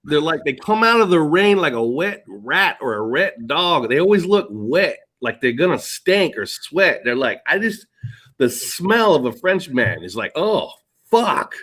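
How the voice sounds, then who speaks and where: A man's voice: fairly high pitch, sing-song, a little slow, fairly bright tone. A middle-aged man chatting casually as a podcast co-host, rambling and swearing, often laughing. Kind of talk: casual chat.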